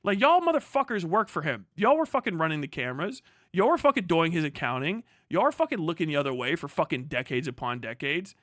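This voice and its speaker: A man's voice: fairly high pitch, sing-song, quick pace, fairly bright tone, no echo, studio quality. A man hosting a livestream, delivering an angry, profane political rant full of repetition. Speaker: livestream host.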